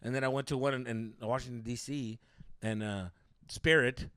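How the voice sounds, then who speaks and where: Young male podcast co-host, mid-pitched, casual and profane, dry studio mic. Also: normal speed, clean tone, no room sound. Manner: profane, animated, rambling with many fillers. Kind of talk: casual storytelling chat.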